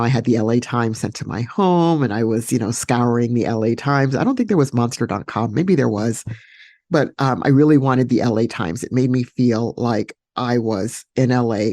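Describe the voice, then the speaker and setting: A woman hosting a podcast, telling a personal story solo in a reflective, unhurried way with many fillers and restarts. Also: a bass voice, mellow, no echo, clean studio sound. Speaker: podcast host.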